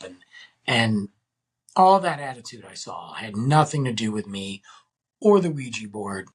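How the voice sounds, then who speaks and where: Male podcast host, deeply raspy voice, lively storyteller, talks to listeners as guys. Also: a little slow. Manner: animated, chatty, addresses listeners as guys.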